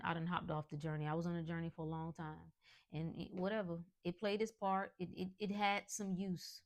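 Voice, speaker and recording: A woman with a fairly low voice delivers a motivational monologue as a podcast host. She talks emphatically and colloquially, pressing her points like a sermon. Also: darkish tone. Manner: emphatic, preachy, colloquial with laughs.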